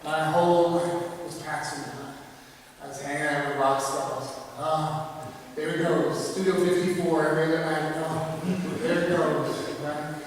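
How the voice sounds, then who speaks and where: A man giving a storytelling lecture at an art symposium, animated, with sound-effect words and acted dialogue. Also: fairly high pitch, unhurried, a little hiss or hum. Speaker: guest speaker at an art symposium. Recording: echoey hall, voice from far off.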